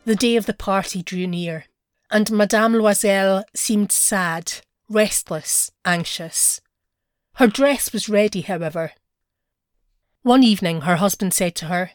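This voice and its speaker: A woman narrates a short story in a measured, expressive storytelling voice. Her pitch sits in the middle range, and the sound is dry and close, with no echo around it.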